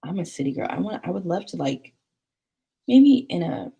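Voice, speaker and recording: Young woman, low voice, mellow and husky, chatty livestream host, casual talk with viewers. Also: normal speed. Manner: chatty, animated, laughs and whispers asides. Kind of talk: casual live chat reading comments.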